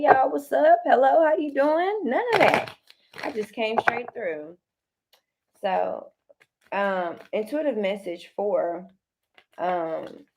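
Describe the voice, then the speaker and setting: A woman's voice: mid-range voice, heavy background noise. A young woman giving a casual tarot reading straight to her viewers, loose and slangy, repeating phrases and restarting often. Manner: loose, slangy and direct, talks straight to the listener. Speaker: tarot card reader.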